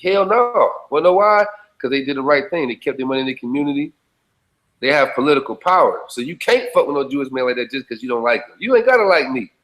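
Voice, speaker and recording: Animated and fast, his medium-pitched voice has a bit of brightness, though the audio is poor. He swears freely in blunt, emphatic street talk during casual conversation, repeating phrases to confirm the listener follows.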